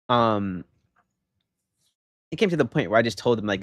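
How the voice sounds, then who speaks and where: A man's voice: medium pitch, normal speed, long pauses, no room sound, studio quality. Exasperated young man streaming live. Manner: animated storytelling, gets loud and exasperated. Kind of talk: casual livestream chat.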